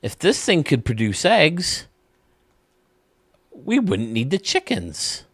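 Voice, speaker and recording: A lecherous farmer husband muses aloud, played by a man. The voice is raised and drawn out slowly, each line stretched. The recording is dry and close. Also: fairly high pitch, wildly swooping pitch, fairly bright tone, breathy edge, dry recording, voice pushed up, heavily acted. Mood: musing.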